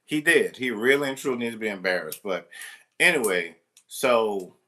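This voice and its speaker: Rambling man with a bright voice. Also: fairly low pitch, lively intonation, moderate pace. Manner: rambling, full of restarts and "you know". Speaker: substitute teacher. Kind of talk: casual storytelling monologue.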